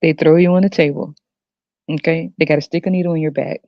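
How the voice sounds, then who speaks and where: A woman's voice: low-pitched, fairly even intonation, fast. A woman rants through a solo podcast monologue, crude and full of profanity, talking straight to her viewers and laughing often. The recording is dull and lo-fi, with a dry, close sound and no room echo. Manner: addresses viewers directly. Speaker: podcast host.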